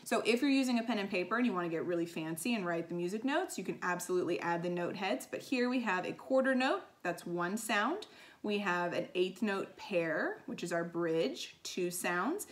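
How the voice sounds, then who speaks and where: Lady music teacher walking kids thru a lesson, upbeat, lots of um and okay. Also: medium pitch. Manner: upbeat teacherly explaining with frequent ums and okays. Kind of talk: recorded classroom lesson for children.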